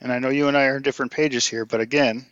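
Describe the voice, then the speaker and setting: Man, insistent podcast debater, forceful bright tone, dry dull lo-fi sound. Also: mid-range voice, fairly even intonation, rapid-fire, no echo. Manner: insistent, argues through analogies and rhetorical questions. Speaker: podcast co-host. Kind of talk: political debate chat.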